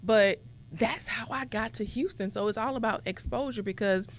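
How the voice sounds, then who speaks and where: Woman telling stories lively. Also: fairly high pitch, moderate pace, slight background noise. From Mississippi. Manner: animated, acts out quoted voices. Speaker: guest. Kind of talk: conversational storytelling.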